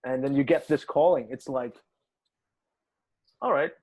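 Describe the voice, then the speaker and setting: A musician guest from the United Arab Emirates speaks fairly quickly in a medium-pitched voice during a casual interview. Animated, he tells a story full of swearing and acts out the quoted dialogue.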